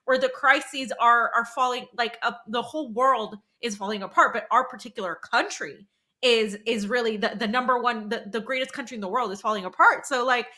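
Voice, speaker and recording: A woman co-hosting a political talk show, pressing her guest with quick, animated questions. Her voice is high and sharp-edged, with a bright tone.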